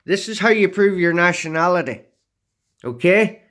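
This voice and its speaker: A man's voice: high-pitched, animated, a bit bright. A man explaining documents to his viewers, stopping often to check with "okay?" and "yeah?". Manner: punctuates points with repeated "okay?" and "yeah?"; emphatic, drawn-out delivery.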